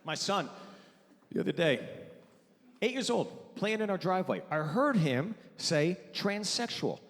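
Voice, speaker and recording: Male stand-up comic, forties, high and animated, live in a reverberant venue. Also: a little slow. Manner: loud animated storytelling with sudden high-pitched yelps. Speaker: stand-up comedian. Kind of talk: stand-up comedy set. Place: theater stage before a live audience.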